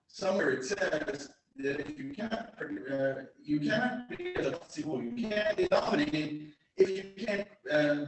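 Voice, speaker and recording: A man giving an informal lecture, telling anecdotes in an animated, digressive way to a group. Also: fairly high pitch. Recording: very echoey room, mic far off.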